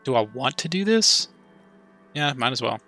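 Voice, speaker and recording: A man's voice: medium pitch, very animated, normal speed, bright, forceful tone, soft background music. A man hosting a let's play, reading game dialogue aloud and dropping chatty asides between the lines.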